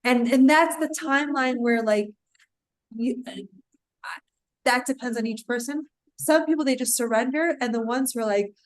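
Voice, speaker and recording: Animated woman coach telling stories. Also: high voice, normal speed. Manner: animated storytelling, acts out clients' voices. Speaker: parental alienation coach. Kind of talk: podcast guest interview.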